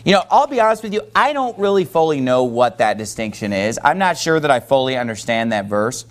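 A man's voice: medium pitch, big pitch swings, a little fast. A man preaching a sermon as pastor, emphatic and questioning, putting questions to his listeners.

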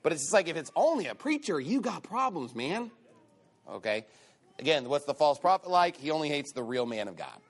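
A man preaching a sermon with a high, lively voice that leaps up and down. He mocks the people he talks about in sarcastic put-on quotes and swings from near-shouting to low muttering. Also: normal speed, pauses often. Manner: animated, swings between loud and low.

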